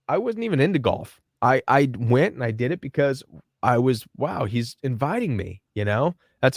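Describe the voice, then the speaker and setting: A man's voice: mid-range voice, no room sound, clean studio sound. A man speaking as a life coach guest on a podcast, telling a personal story and acting out the dialogue in it.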